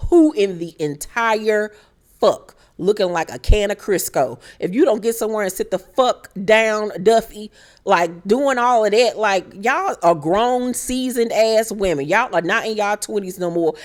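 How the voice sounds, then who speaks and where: Sassy, profane woman recapping a show. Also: a little slow. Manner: animated, profane, sassy, shouting high mock rants. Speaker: reality TV recap host. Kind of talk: casual recap commentary.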